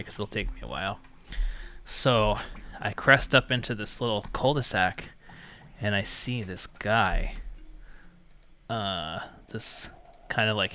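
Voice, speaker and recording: Male host, bright and forceful, slightly low, rambling casual storyteller. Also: a little hiss or hum. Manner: rambling, laughs often, mock phone-menu voice. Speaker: call-in show host.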